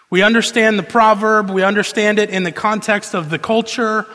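Animated preacher with a bright, high voice. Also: male voice, moderate pace. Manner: conversational, animated storytelling. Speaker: pastor. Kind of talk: sermon. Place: church hall. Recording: long reverb of a large hall.

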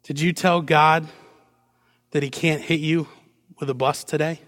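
Long reverb from a big sanctuary surrounds a pastor preaching unhurriedly from the pulpit. His voice is high for a man, and he keeps the energy lively with rhetorical questions to the congregation and playful acting out of short lines.

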